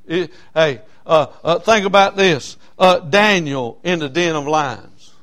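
A man preaching in a church with a notably high-pitched voice. He drives his points home through repetition, stumbling through "uh" fillers as he builds. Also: takes it slowly, a bit bright. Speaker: pastor. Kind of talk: sermon.

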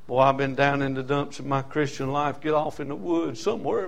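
A man's voice: medium pitch, fairly even intonation, fairly quick, gravelly, few pauses. An older man preaching a sermon, impassioned and folksy, building on rhythmic repetition.

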